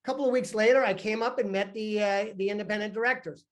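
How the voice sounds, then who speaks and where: An older man delivers a university guest lecture in a lively storytelling way. He often stumbles over his words, repeating them as he builds his point. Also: high voice, fast talker. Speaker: investment fund founder giving a guest lecture. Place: lecture room.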